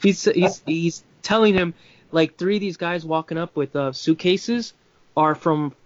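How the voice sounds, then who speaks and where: A man's voice: on the high side, a little slow, no echo, highs cut off. A man in casual film talk, rambling with many restarts and fillers.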